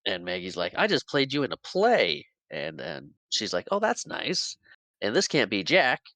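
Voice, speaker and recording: Male podcast co-host, lower voice, bright tone, animated movie recap on a dry mic. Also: normal speed, no room sound, poor audio. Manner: animated retelling, acts out character lines with laughs. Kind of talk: casual movie recap chat.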